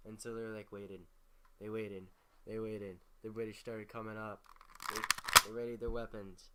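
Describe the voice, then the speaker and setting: A man's voice: lowish voice, fairly even intonation, measured pace, very noisy. A young man casually retelling history in a rambling, profane way, full of filler words. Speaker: history recap host.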